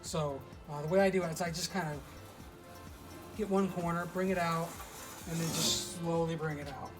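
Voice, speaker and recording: A relaxed presenter walks through a pizza recipe outdoors at the oven, speaking at an ordinary middle pitch. The talk is loose and unscripted, with frequent "uh" fillers and repeated words. Loud music plays behind the voice throughout. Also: moderate pace, low-quality recording. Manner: relaxed, many "uh" fillers and restarts. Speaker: cooking demo presenter. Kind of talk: casual cooking demonstration. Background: loud background music.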